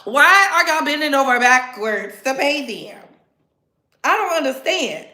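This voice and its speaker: A woman hosting her own commentary channel, talking straight to her viewers in a sassy, animated way. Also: high-pitched, unhurried, echoey room. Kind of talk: casual commentary.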